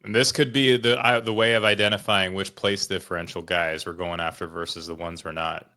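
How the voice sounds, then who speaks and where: A measured man co-hosting a racing podcast over a video call. He talks in a somewhat low voice and explains points calmly. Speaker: podcast co-host. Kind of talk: casual sports betting chat.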